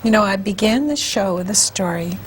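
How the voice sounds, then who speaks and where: A woman hosting an interview, asking gentle questions and telling a story of her own. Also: medium pitch, lively intonation, brisk, a little hiss or hum, rough recording. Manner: gentle, encouraging questions and backchannels. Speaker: host.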